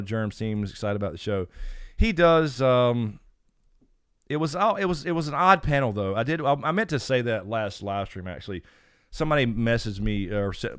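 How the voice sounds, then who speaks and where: A man's voice: medium pitch, clean tone, dry recording, studio quality. A man hosting a casual live stream Q&A, rambling with frequent fillers as he greets chat names. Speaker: YouTube channel host. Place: home.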